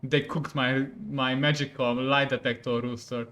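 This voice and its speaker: A young man from Hungary with a Hungarian accent, a non-native English speaker, playing a game on stream, laughing often and getting worked up and loud. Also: medium pitch, level tone, unhurried. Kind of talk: gaming commentary.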